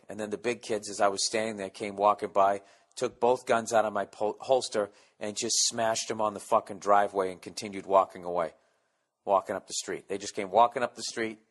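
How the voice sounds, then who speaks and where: A man's voice: lowish voice, fairly bright tone. Podcast host, man in his forties; profane, sarcastic, rambling monologue delivery. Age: 40s. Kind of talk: casual comedic monologue.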